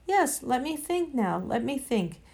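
Woman voicing an old male cart horse, slow, thoughtful, muddled, storybook reading. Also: high voice, very animated, creaky, darkish tone, pitched above the performer's own voice, exaggerated voice.

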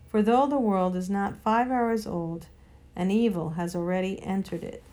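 A woman's voice: mid-range voice, moderate pace, mellow, natural voice. A woman reading a storybook aloud and voicing a noble male lion who rules with grave, commanding speech. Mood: solemn. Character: great noble male lion, solemn ruler.

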